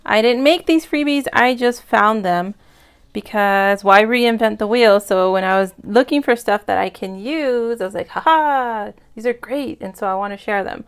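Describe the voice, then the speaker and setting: A woman's voice: mid-range voice, moderate pace, clean tone. Gushing, teary woman vlogger. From United States. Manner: gushing, emotional, grateful. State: near tears. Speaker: budget vlogger. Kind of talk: casual vlog chat.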